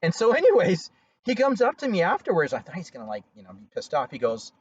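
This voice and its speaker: A man's voice: high voice, fast talker, slight background noise. Rambling guy telling stories from his car, voice jumps up and down, kinda muffled and distant. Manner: rambling, animated, swears freely. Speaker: interview guest. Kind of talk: casual storytelling. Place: inside a car near a freeway. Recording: dull, distant sound.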